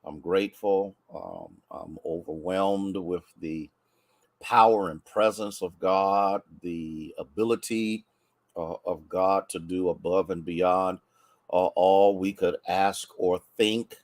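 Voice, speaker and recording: An American man, a pastor, chatting warmly with livestream viewers and greeting them by name, a bit congested from sneezing. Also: deep voice, fairly even intonation, slow, no room sound.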